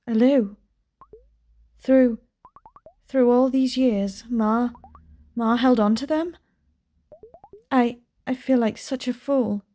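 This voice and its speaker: A woman's voice: a little high, mellow. A woman voicing a young single mother, pleading and defensive, as she reads game dialogue aloud. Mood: tender.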